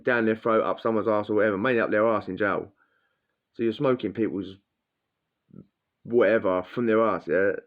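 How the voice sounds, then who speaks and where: A man's voice: fairly low pitch, fairly even intonation, moderate pace, pauses often. A man telling a blunt, crude prison story in casual slang, acting out what people said. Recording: dull lo-fi sound.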